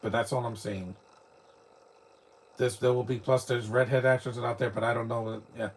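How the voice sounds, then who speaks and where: A husky-voiced man from New York talks through a film in a casual live watch-along. His delivery is rambling and opinionated, full of restarts, at a middle pitch. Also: steady tone, moderate pace. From New York, United States. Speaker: live movie commentator.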